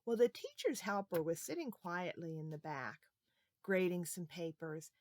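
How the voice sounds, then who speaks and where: A woman telling a story to young children, animated and often asking the children questions. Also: on the low side, moderate pace, no echo, studio quality.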